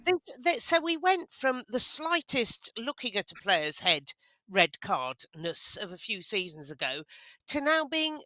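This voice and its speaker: A woman co-hosts a rugby podcast, quick to chime in with jokes and agreement. Her pitch leaps about animatedly and her tone is bright. The recording is dry and close. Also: very animated, dry recording. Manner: chatty, jokey, quick to chime in. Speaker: podcast co-host. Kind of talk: excited casual chat about rugby.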